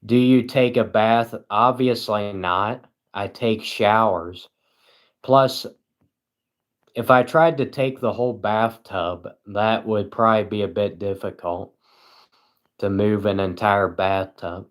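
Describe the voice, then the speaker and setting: A man livestreaming at home, reading chat aloud and answering with deadpan sarcasm and frequent chuckles. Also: fairly low pitch, a little slow.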